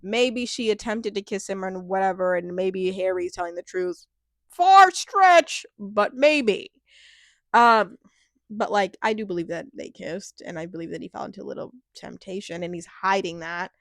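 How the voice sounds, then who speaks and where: A woman's voice: medium pitch, fairly even intonation, moderate pace, vocal fry, dry recording, clean studio sound. A woman giving a casual, chatty recap of a reality show, rambling with lots of fillers and acting out quotes with a laugh.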